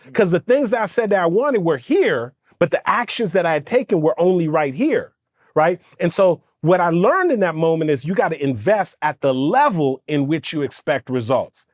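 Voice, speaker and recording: An animated male storyteller, dry close sound. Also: on the high side, no echo. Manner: animated storyteller who acts out quoted voices. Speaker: guest, storytelling coach. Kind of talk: conversational interview storytelling.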